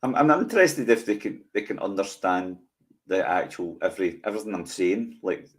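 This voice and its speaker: Scottish motherwell guy, 40s, lowish voice, chatty, keeps restarting. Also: lively intonation. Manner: chatty, halting, self-interrupting. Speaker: podcast co-host. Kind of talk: casual watch-along chat.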